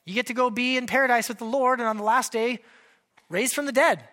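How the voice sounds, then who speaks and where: Bright-toned man preaching a lively sermon. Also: very high-pitched, brisk. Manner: animated, asks the congregation direct questions, joking asides. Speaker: pastor.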